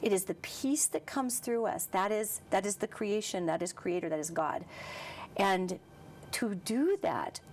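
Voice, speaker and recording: A woman guest in an interview, speaking with lively emphasis and slowing down for calm passages. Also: medium pitch, slight background noise. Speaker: psychic medium guest. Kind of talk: interview conversation.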